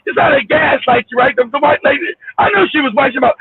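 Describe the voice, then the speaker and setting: A man hosting a casual livestream from his car, ranting loudly and profanely, laughing and shouting as he tells a story. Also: very high-pitched, expressive, quick pace, no room sound. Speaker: show host. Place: car, driving. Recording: tinny phone line with faint hiss.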